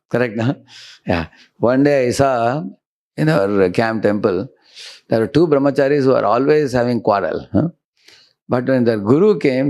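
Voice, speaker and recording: A man's voice: mid-range voice, mellow. A monk giving a devotional lecture in a conversational way, often checking in with his listeners.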